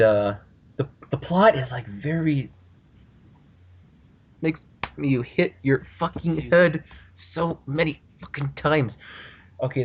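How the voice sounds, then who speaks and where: A man hosting a casual podcast, rambling and swearing freely as he talks. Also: mid-range voice. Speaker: podcast host. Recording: muffled lo-fi audio.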